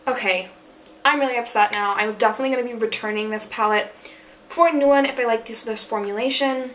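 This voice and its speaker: A woman's voice: fairly high pitch, quick pace, far from the mic, slight background noise. A young woman reviewing beauty products in a casual chat, frank and full of fillers. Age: young adult. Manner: chatty, frank, many fillers. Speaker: beauty vlogger. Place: room at school.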